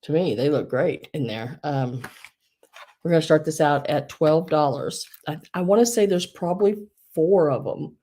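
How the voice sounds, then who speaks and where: A woman's voice: low voice, moderate pace, dark tone. A woman hosting a live online sale, chatting casually, giggling often and restarting her sentences.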